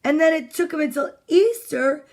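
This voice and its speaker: At a moderate pace, a woman with a high voice reads children's books live from home. She's playful and talkative, greeting viewers by name between pages and exclaiming at the pictures.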